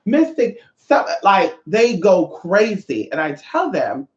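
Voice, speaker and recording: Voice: medium pitch, sing-song, slow pace. Spiritual teacher for a vlog: brash, profane and sassy, recorded in an echoey room with slightly dull sound. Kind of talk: casual vlog monologue.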